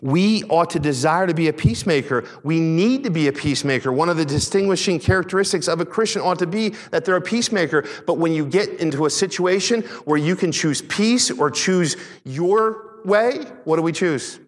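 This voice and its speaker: A middle-aged man preaching a sermon, a pastor telling a personal story in a conversational, animated way. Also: in a large hall. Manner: conversational preaching, animated retelling with quick pitch swings.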